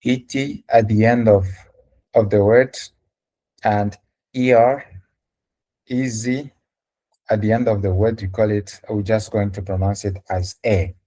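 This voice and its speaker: Slow, low-voiced French teacher man. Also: fairly even intonation, mellow. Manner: patient, spells out letters and sounds. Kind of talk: live online language lesson.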